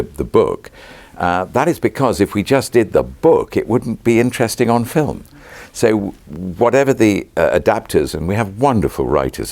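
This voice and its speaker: A British actor in his sixties answering interview questions in a measured, reflective way, pausing with ums and restarting phrases. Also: very deep voice, gravelly, a little mellow, no room sound. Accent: British English. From Britain.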